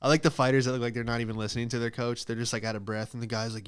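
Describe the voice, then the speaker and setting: A young American man hosting a podcast, telling rambling comedic stories and acting out the people in them with squeaky high voices. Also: flat delivery, very fast, few pauses, smooth. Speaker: podcast host. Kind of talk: casual comedic monologue.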